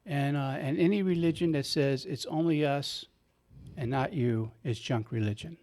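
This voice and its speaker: A man's voice: on the high side, moderate pace, darkish tone. A man hosting a radio talk show, speaking earnestly and with emphasis about faith.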